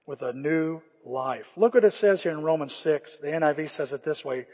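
A male pastor preaching a sermon, impassioned, swinging from loud calls to hushed pleas. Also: a little high, moderate pace, hardly any pauses, dull audio. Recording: echoey church hall.

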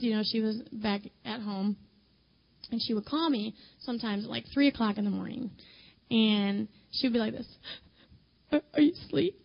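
A woman's voice: mid-range voice, vocal fry, highs cut off. A woman who is a mother speaks to a women's group in a chatty, conversational sermon, addressing her listeners directly and filling her talk with "you know".

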